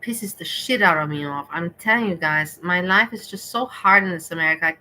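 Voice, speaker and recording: A woman's voice: on the low side, brisk, bright, forceful tone, a little hiss or hum, poor audio. A young woman from Europe, a streamer ranting in frustration and swearing heavily during a reaction livestream.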